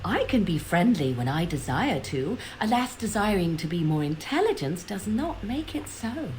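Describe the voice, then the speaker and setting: A woman's voice: fairly low pitch, sing-song, moderate pace, darkish tone, a little hiss or hum, low-quality recording. An actress playing a cutting, sardonic young witch in a video game. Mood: mocking. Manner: cutting, mocking.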